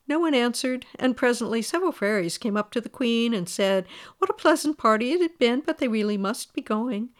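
A woman reading a fairy tale aloud, lively and expressive. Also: a little high, a little fast. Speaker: storyteller.

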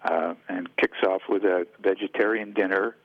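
A dance caller from Oregon appears as a guest on a casual radio interview, speaking hesitantly with many fillers and restarts. His low voice is fairly even and moderately paced, captured dry over a dull radio line.

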